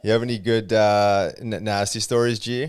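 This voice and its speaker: A man's voice: on the low side, level tone, moderate pace, clean tone, no room sound. A man co-hosting a podcast in casual chat, easygoing, laughing along and asking questions. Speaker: podcast co-host.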